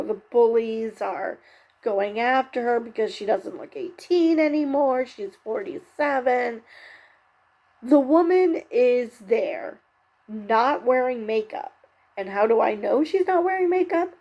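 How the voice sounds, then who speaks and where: A woman's voice: a little high, vocal fry, a little mellow. A woman recapping and reviewing a TV show episode in a candid, chatty way, with lots of fillers and self-corrections. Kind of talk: casual spoken recap and commentary.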